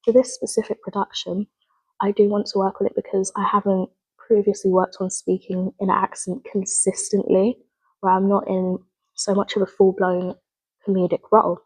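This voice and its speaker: A woman's voice: mid-range voice, flat delivery, moderate pace, slightly rough, poor audio. A young woman, a drama student, talking through her goals in an earnest, rambling video log and often correcting herself. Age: young adult. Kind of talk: spoken reflective video log.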